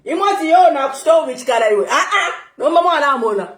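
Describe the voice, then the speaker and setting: A young woman talks through political news in a casual vlog, her high voice rising and falling and often breaking into laughter. She switches between languages as she goes. The recording sounds like an echoey room. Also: quick pace. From Zambia. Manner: animated, laughing, code-switching. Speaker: commentator.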